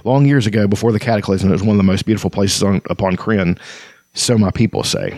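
A man reading the lines of a mysterious female elf guide from a fantasy novel, in his own low voice. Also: animated, fast, a little mellow, no room sound. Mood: wistful. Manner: read plainly from a novel.

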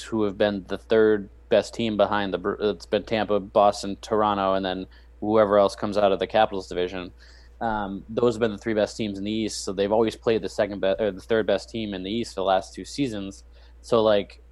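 A man talking hockey on a casual podcast, voice sitting a little low and recorded dry and close. He rambles and corrects himself mid-sentence. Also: no echo. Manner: rambling, self-correcting, restarts often. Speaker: podcast co-host. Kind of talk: casual sports chat.

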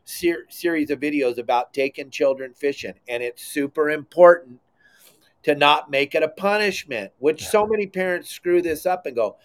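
A middle-aged man talking on a casual podcast, emphatic and enthusiastic, his voice sitting a little high for a man. He punches his points hard and comes back to them again and again. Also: normal speed. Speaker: podcast host.

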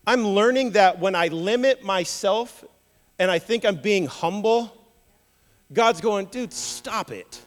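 A man's voice: sits high, slow, long reverb tail. A man preaching a sermon in a casual, playful way, acting out the voices of Bible figures. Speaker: pastor.

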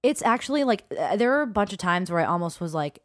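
A woman's voice: lowish voice, expressive, quick pace. A young adult woman guest on a chat podcast, frank and rambling, telling a personal story with lots of fillers.

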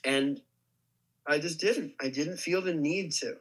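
A man's voice: a little high, unhurried, poor audio. A young man, an actor, telling a story casually with lots of restarts and "like". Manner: rambling, many restarts and likes. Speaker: actor guest.

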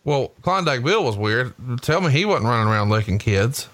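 Profane, bright-voiced man, dry sound. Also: mid-range voice, big pitch swings, moderate pace, no echo. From Huntsville, Alabama. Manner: profane, jokey, laughs often. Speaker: podcast co-host. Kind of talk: casual wrestling chat.

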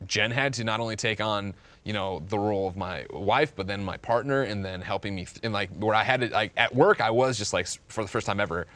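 Fast-talking man, candid podcast chat. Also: on the low side, fairly bright tone. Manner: rambling, candid, self-deprecating with many restarts. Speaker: podcast guest. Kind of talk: casual podcast conversation.

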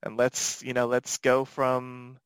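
A man's voice: mid-range voice, completely flat delivery, slow pace, clean tone, dry recording. Upbeat man hosting a podcast. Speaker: podcast host. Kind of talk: casual podcast chat.

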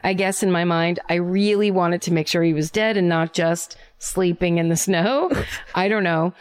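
A woman podcast co-host with a fairly low voice reads a listener's story aloud in her thirties. Her delivery is wry and casual, with laughs slipping in along the way. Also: steady tone, normal speed, smooth. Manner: wry, laughs often while reading.

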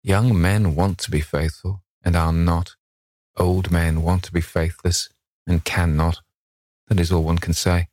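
A man's voice: deep voice, little pitch movement, a little slow, a little mellow, dry recording, studio quality. A man playing a languid cynical aristocrat. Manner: languid, drawling epigrams.

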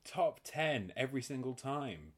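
A man co-hosting a podcast, animated and jokey, in casual banter with friends. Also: medium pitch, a little slow. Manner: animated, jokey, bursts into loud laughing outbursts. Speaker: podcast co-host.

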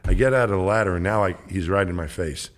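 A man's voice: deep voice, fast talker. A middle-aged man, a guest on an interview show, telling a long rambling anecdote and acting out the dialogue of the people in it. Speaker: guest, former astronaut. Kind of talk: casual storytelling interview.

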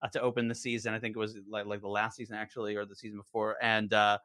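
Young adult man, podcast guest, bright tone, dry close sound, meandering anecdotal delivery. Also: lowish voice, level tone, quick pace, no echo. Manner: rambling storyteller with many fillers and restarts. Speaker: podcast guest, show co-creator. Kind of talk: casual chat.

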